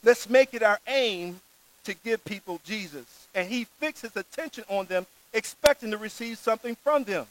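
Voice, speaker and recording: Guy preaching a sermon, really high voice, earnest, leans on key words. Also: normal speed, no room sound, rough recording. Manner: earnest preaching, reads scripture aloud, stresses key words.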